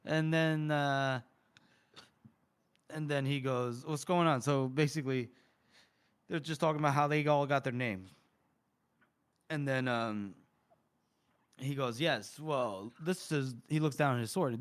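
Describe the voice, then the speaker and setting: A man co-hosting a casual book podcast, retelling scenes with lively quoted lines and frequent laughter. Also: a little high, unhurried. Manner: animated, acts out characters' lines with laughter. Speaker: podcast co-host.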